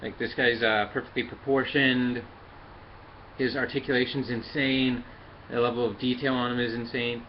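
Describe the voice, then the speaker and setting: A man talks through a hands-on toy review in a mid-pitched voice, pausing often with fillers as he works the parts. The recording sounds a little dull and lo-fi, with a faint hiss underneath. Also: flat delivery. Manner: halting, many fillers, talks while handling the toy. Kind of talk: casual hands-on review and demonstration.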